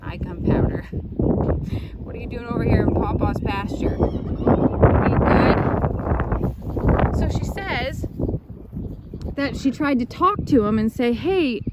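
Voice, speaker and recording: A woman vlogs casually outdoors on a farm while doing chores, chatting fondly to her animals. Her voice is on the high side, sing-song and unhurried, with long pauses. Loud outdoor noise sits behind her, including clucking chickens and a rooster.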